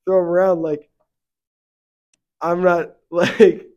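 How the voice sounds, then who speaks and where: On a muffled recording, the young faith podcast co-host speaks slowly in a high voice. He rambles informally, leaning on fillers, and heats up noticeably when he vents.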